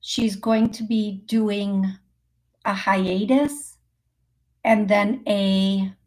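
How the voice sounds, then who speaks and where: A woman's voice: medium pitch, steady tone, very slow, darkish tone. A woman hosting a call-in show as a psychic medium. She talks in a chatty, rambling way, with lots of fillers and self-corrections, and laughs often. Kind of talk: casual live call-in readings.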